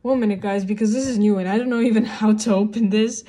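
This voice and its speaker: In her home vlog, a young woman talks fast while getting ready, upset and venting in a rambling stream packed with "like" and "you know." She has a warm, steady, medium-pitched voice.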